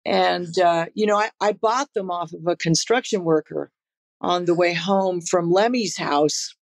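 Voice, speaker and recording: A woman's voice: lowish voice, unhurried, gravelly. A woman in her sixties, a guest musician on a podcast, talking casually with plenty of fillers, restarts and laughter. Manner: laid-back, laughs often, frequent fillers and restarts. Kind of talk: casual interview storytelling.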